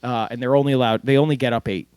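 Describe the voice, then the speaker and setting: A man co-hosting a casual sports recap over an online call, walking through the plays in a relaxed way. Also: mid-range voice, racing, smooth, dry recording. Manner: relaxed, play-by-play recounting with fillers. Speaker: podcast co-host.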